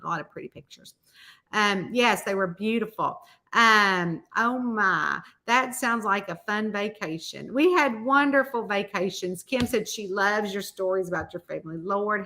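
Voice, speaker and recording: A woman's voice: medium pitch, pushed and bright. A middle-aged woman, a mystery author chatting casually on a live stream, rambling through folksy stories and reading out viewer comments.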